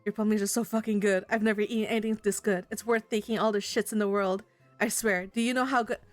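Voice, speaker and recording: A woman's voice: mid-range voice, fairly even intonation, fast, dry recording, faint music behind, lightly acted. A woman voicing an unhinged male superfan who talks frantically and swears, laughing wildly, in a game read-aloud. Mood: manic.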